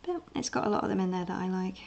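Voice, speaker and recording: A young English woman with an Essex-tinged accent chats casually at home while drawing on a live stream, rambling with fillers and restarts. Her mid-range voice is expressive, very fast, gravelly and darkish, and the sound is lo-fi.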